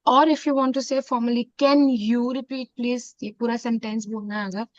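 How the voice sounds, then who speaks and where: A woman with an Indian accent teaching a French class, mixing in Hindi and repeating phrases slowly. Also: fairly high pitch, steady tone, no echo. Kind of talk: online classroom lesson. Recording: dull, dry lo-fi sound.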